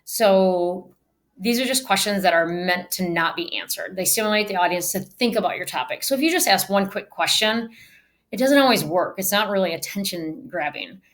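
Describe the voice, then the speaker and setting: Lively woman teaching public speaking. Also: medium pitch, moderate pace. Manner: emphatic, varies delivery to demonstrate. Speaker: speech teacher. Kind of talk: recorded virtual lecture.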